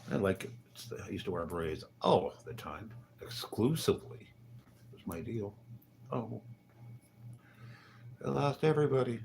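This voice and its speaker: Speaking from a hotel, this male vlogger drifts through a casual livestream monologue, grumbling wryly, muttering asides, and laughing under his breath. His gravelly voice sits low and moves at a moderate pace over a faint hiss or hum.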